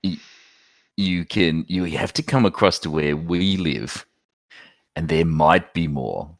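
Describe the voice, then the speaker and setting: A man's voice: low-pitched, slow, gravelly, no room sound, clean studio sound. A man playing a tabletop game, persuasive and chuckling as he talks. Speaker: player. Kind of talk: in-character tabletop play.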